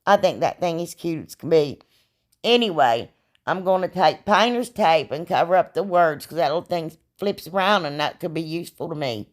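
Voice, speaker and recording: A woman with a somewhat low voice narrates her craft project in a chatty, rambling way. She sounds a little hoarse, as if she is losing her voice. Her voiceover is relaxed and self-deprecating, full of asides to her viewers. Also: normal speed. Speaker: craft channel host.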